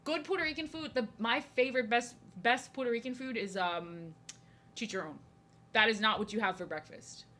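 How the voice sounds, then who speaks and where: A woman's voice: a little high, moderate pace, bright, forceful tone. A young woman from New Jersey chatting casually while drawing on a live stream, rambling and repeating herself. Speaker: art streamer.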